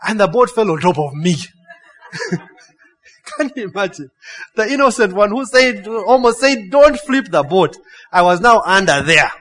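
A man with a high voice preaching a sermon. His delivery is animated and full of stories, and he keeps asking the congregation "huh?" and "yeah?" to draw them in. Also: normal speed, pauses often. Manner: storytelling with laughs and playful acted quotes. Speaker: pastor. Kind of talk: sermon with a personal story.

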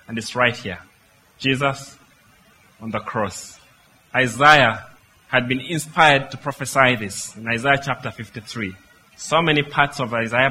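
A man's voice: medium pitch, bright, forceful tone, a little hiss or hum, rough recording. A man preaching a sermon, speaking emphatically and putting rhetorical questions to his listeners.

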